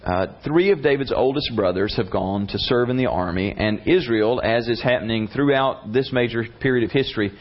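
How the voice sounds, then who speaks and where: A man preaching a sermon, retelling a Bible story in a casual, conversational way with slang. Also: medium pitch. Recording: slightly muffled lo-fi recording.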